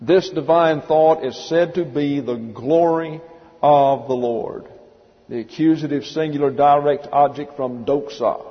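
This is a pastor's expository Bible teaching sermon, captured in a church hall that sounds dull and heavily reverberant. His voice is slightly high and slightly slow, and he speaks emphatically, working word by word and spelling Greek words out letter by letter.

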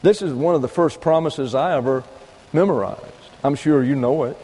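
A man's voice: on the high side, mellow, breathy edge, long reverb tail, rough recording. A man preaching a sermon, teaching point by point and reading out scripture verses. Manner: deliberate teaching with numbered points and read-out verses. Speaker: pastor.

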